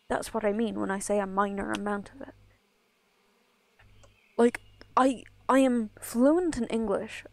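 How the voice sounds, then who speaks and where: A woman's voice: mid-range voice, vocal fry, darkish tone. A woman from Ireland streaming a game, chatting casually in a rambling way full of asides. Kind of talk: casual chat while gaming.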